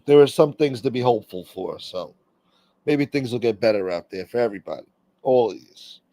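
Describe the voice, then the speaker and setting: A man's voice: medium pitch, fairly quick, warm tone, no room sound. A man hosting a casual livestream, rambling, swearing freely and reading viewer comments aloud. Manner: rambling, profane, reads chat aloud. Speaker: livestream host.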